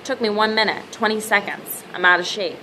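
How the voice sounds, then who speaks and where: A woman's voice: mid-range voice, a little fast, noisy background, lightly acted. A woman reading the lines of a cocky young male welterweight boxer with a swaggering, boastful manner.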